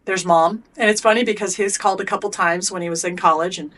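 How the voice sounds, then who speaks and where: A woman's voice: medium pitch, fairly even intonation, fast, fairly bright tone. Emphatic middle-aged woman coach. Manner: emphatic, storytelling. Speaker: performance coach guest. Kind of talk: podcast interview.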